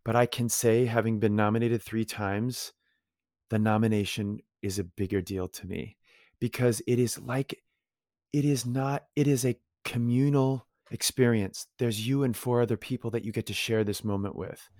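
A man's voice: mid-range voice, steady tone, moderate pace, a little mellow, dry recording, clean studio sound. A male actor as a guest in a casual interview, telling long, effusive, rambling stories.

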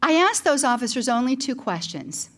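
A middle-aged woman speaks in a high, light voice. She tells her own testimony as a Christian speaker, earnest and full of emotion. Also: sing-song, moderate pace. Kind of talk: personal testimony talk.

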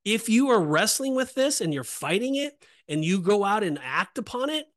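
Man, Bible teaching, emphatic and repetitive, slightly high pitch. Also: sing-song, moderate pace, fairly bright tone. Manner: emphatic, repetitive, rising on exhortations. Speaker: podcast host.

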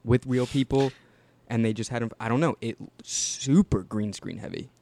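A man's voice: mid-range voice, moderate pace, darkish tone, slight background noise. A man in casual reaction chat who rambles and restarts his sentences often. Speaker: commentator.

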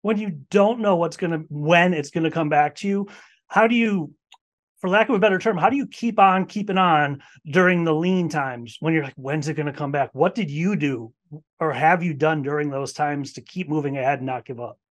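Host: man, thoughtful, meandering questions, light higher voice. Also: normal speed. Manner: thoughtful, long winding questions. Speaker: podcast host. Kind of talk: casual interview questions.

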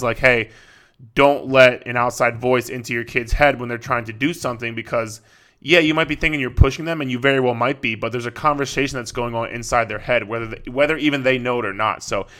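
Bright-voiced man, profane podcast talk. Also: medium pitch. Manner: profane, rambling, with frequent fillers and restarts. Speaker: fitness coach and podcast host. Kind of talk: casual podcast monologue.

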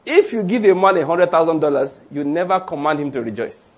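A male pastor preaching a sermon, animated and humorous, acting out little anecdotes. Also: fairly high pitch, brisk.

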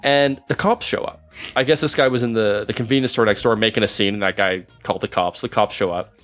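A man hosting a podcast, telling a story in a casual, animated way and laughing through it. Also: lowish voice, fast talker, faint music behind.

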